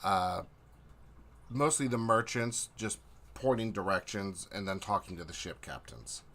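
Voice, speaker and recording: A man runs a tabletop game, describing the scene in a relaxed, hesitant way full of fillers. His voice is lowish but bright. He narrates at an easy pace. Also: a little slow. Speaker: game master.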